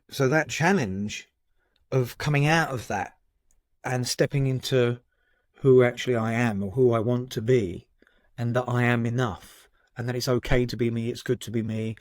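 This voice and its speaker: A man from Southend, a psychotherapist guest, talking candidly in a podcast conversation, with lively storytelling, swearing and frequent "right?" tags. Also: mid-range voice, no room sound, studio quality. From Southend, England.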